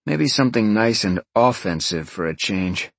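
A man narrating an audiobook voices a relaxed young man thinking out loud, in a lively, husky voice. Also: fairly low pitch, moderate pace, no echo. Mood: easygoing.

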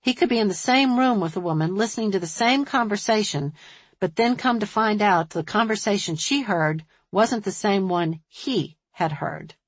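A woman narrating a novel in an even, measured reading voice. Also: mid-range voice, dry recording. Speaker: audiobook narrator. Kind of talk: scripted narration.

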